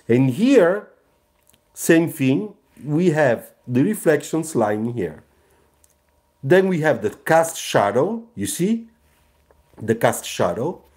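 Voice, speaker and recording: Male design teacher; slow, lively delivery, keeps asking "you see?". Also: on the high side, breathy edge. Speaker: car designer teaching sketching. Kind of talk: live drawing tutorial.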